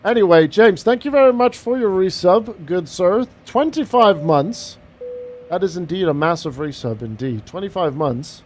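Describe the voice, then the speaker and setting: Chatty streamer, higher voice. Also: male voice, expressive, normal speed, slight background noise. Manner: chatty, jokey, talks through each step aloud. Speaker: flight sim streamer. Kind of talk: casual live-stream commentary.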